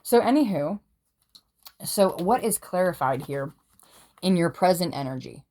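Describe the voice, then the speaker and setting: A woman giving a casual tarot reading at home, excitable and gushing, swearing freely as she talks. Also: fairly low pitch, unhurried. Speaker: tarot reader.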